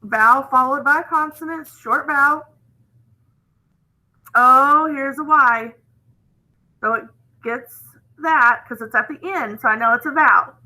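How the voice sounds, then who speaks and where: A woman with a high, bright voice walks through a phonics lesson. She talks slowly and patiently and keeps checking in with the class. Her tone stays plain and instructive throughout. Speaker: phonics teacher.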